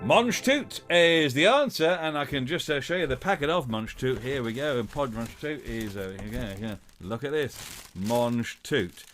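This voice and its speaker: A man hosting a live-streamed quiz, chatting in a halting way with lots of filler sounds and reading out viewers' guesses playfully. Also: medium pitch, lively intonation, over music. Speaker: host of a live-streamed show.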